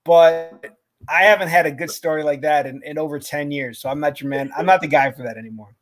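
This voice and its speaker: A man's voice: fairly high pitch, fairly quick. A man co-hosting a podcast, telling a story in a casual way, swearing often, laughing and restarting his sentences. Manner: profane, laughing, many restarts. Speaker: podcast co-host.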